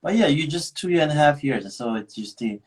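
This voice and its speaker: A man hosting a casual live chat, telling animated stories and slipping into Korean phrases. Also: on the high side, brisk, poor audio. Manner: animated storytelling, switches into Korean. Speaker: host.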